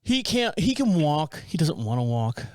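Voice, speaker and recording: A forties-aged man co-hosting a podcast tells an extended, casual story, animated and rambling with many restarts. He speaks at a moderate pace in a fairly high voice, recorded without echo.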